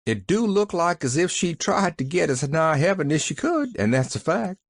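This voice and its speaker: A reader voicing a slow, plain-spoken old farmhand with a drawling rural dialect. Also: mid-range voice, very animated, no room sound, clean studio sound, pitched above the performer's own voice. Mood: wondering.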